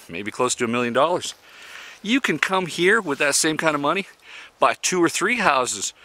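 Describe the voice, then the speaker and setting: A folksy man in his fifties from Canada speaks in a blunt, opinionated monologue, chuckling at his own jokes. His pitch rises and falls a lot, and his tone is bright and forceful. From Canada (Yukon). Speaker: vlogger living in an RV.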